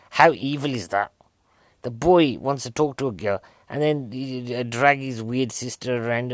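A man's voice: mid-range voice, moderate pace, a bit bright, no room sound. A man giving a rambling, comic recap of a film, full of rhetorical questions. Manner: rambling, chatty, keeps asking "right?" and rhetorical questions. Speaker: film reviewer.

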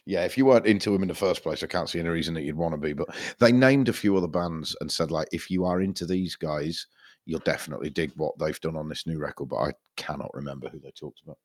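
Podcast co-host: very low male voice, sweary rambler, dry close mic. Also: fast talker, no room sound. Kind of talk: casual chat.

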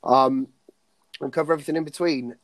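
A man's voice: a little high, fairly even intonation, fairly quick, dry recording. Chatty man, dry close sound. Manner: chatty, restarts often, laughs easily. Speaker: podcast co-host. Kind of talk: casual banter about films.

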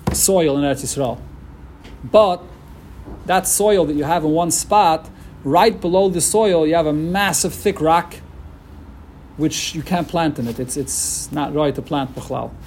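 A man giving a casual Talmud lecture, animated and emphatic, often restarting his phrases. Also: on the high side, a little hiss or hum. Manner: animated, emphatic, with many restarts and Hebrew-Yiddish terms. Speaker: Talmud teacher.

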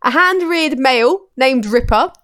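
A woman's voice: high-pitched, expressive, measured pace, a bit bright. A woman co-hosting a casual podcast, chatty and giggly as she reads out odd news stories. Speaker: podcast co-host.

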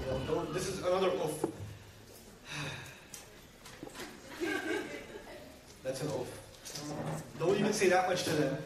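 A man preaching a sermon to a live audience, animated and full of rhetorical questions aimed at the listeners. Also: fairly high pitch, background noise. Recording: very echoey hall, mic far off, faint ambience.

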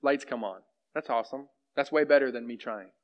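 A man's voice: medium pitch, a little fast. A man teaching a church group in a casual, conversational way, often checking in with "right?". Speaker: pastor leading a group teaching. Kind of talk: informal sermon and discussion. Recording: dull lo-fi sound.

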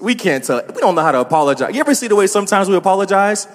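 A man's voice: sits high, big pitch swings, very fast, in a large hall. A man preaching a sermon as a pastor, talking casually to the congregation with asides and laughs.

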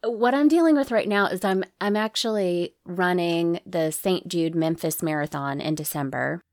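A woman's voice: fairly low pitch, normal speed, no echo, clean studio sound. A woman who performs burlesque and music, a podcast guest speaking in an earnest, reflective way with many restarts. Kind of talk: casual interview chat.

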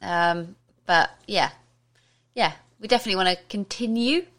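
A woman co-hosting a casual radio-style show, playful and teasing, quick to laugh. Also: mid-range voice, a bit bright. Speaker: podcast co-host.

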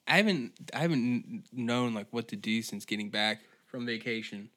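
Man, podcast host, swearing rant, exasperated, bright forceful voice. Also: mid-range voice, normal speed, few pauses. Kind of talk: profane comedic rant.

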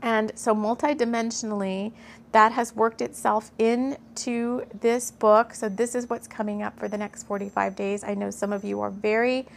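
Brief: middle-aged woman, fairly high voice, storyteller reading a spiritual tale, earnest and gushing, easily moved. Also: level tone, moderate pace, vocal fry. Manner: earnest, gushing, gets emotional. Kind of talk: reading a channeled story aloud, with asides.

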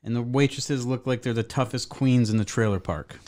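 A man's voice: mid-range voice, normal speed, a little mellow. A man co-hosting a podcast in casual chat, joking crudely and swearing freely. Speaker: podcast co-host.

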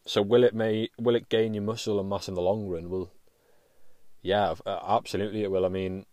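On a dry recording, a podcast host speaks in a fairly low, darkish voice that barely moves in pitch, going a little fast. His casual solo monologue rambles, with frequent restarts and offhand swearing.

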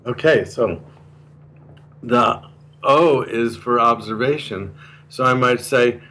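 The audio is poor, and the man's medium-pitched voice comes across slow, bright and forceful. He's a guest in a casual interview, earnestly describing a communication method from a course and restating its key ideas.

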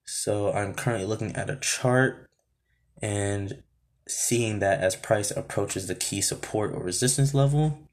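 A man explaining trading chart setups in a steady, methodical way, now and then breaking off to talk to himself. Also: fairly low pitch, measured pace. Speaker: trading educator.

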